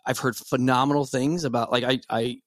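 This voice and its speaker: A man's voice: mid-range voice, fairly even intonation, fairly quick, dry recording, studio quality. Rambling man in his forties. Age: 40s. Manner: rambling, many restarts and fillers. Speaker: guest. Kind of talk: casual podcast conversation.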